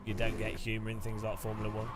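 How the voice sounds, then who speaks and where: A man's voice: lowish voice, monotone, fast talker, very noisy. A British man from the UK chatting casually while sim racing, rambling and joking with many restarts. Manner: rambling, joking, self-interrupting. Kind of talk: casual live-stream chat.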